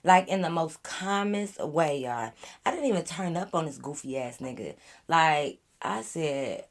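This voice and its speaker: Animated, profane woman telling a story. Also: low-pitched, unhurried. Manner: animated, profane, exasperated retelling. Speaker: vlogger. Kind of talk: casual storytime.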